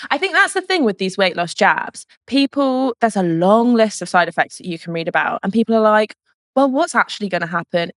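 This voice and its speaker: A young woman co-hosting a podcast, a doctor chatting with encouraging, quick reactions. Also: mid-range voice, expressive, fairly bright tone, no echo. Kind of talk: casual chat.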